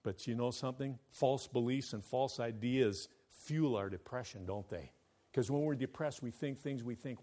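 A man preaching a sermon as pastor, his delivery emphatic, moving between loud declaration and hushed, intimate asides. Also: mid-range voice, moderate pace.

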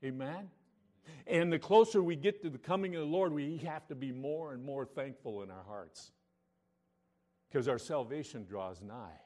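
A pastor preaching a sermon, reading scripture aloud and moving between loud emphatic lines and quiet, intimate asides. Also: male voice, medium pitch. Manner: reads scripture in King James wording.

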